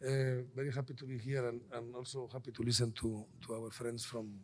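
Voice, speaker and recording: Male panelist; speaks in halting, restart-heavy phrases at an ordinary pitch. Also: flat delivery. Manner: halting, many restarts and fillers. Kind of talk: conference panel remarks.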